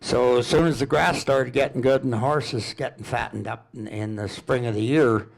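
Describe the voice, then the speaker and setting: An older man from Alberta telling rambling, folksy stories at a public presentation, unhurried and chuckling. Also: medium pitch, fairly even intonation, gravelly. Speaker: local storyteller.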